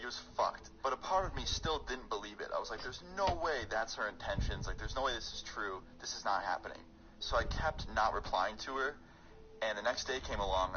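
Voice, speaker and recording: A young man telling a rambling, excitable storytime on his vlog, full of fillers. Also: on the low side, lo-fi sound. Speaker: YouTuber storyteller.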